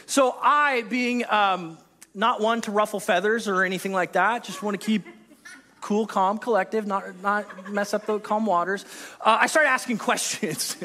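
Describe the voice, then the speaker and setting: A pastor preaches a conversational sermon at a church service, chatty and self-deprecating with joking asides to the congregation. His voice is high and sharp, trailed by a long reverb.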